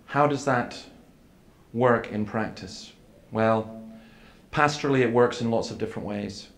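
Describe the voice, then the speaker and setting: A man's voice: medium pitch, measured pace. A man giving an earnest seminar talk, telling stories with quoted dialogue. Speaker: preacher. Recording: echoey hall with faint room noise.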